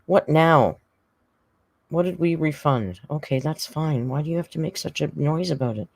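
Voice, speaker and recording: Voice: mid-range voice, expressive, moderate pace, vocal fry. A livestreamer in casual, rambling chat, reading viewer comments aloud and talking to a pet cat between them. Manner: reads viewer comments aloud and thanks members; frequent laughter and filler words.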